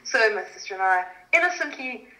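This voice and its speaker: A woman's voice: on the high side, moderate pace, echoey room, rough recording. A woman from South Africa, a guest in a casual interview, telling family stories with lots of laughter. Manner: laughing, animated storytelling. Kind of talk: casual chat.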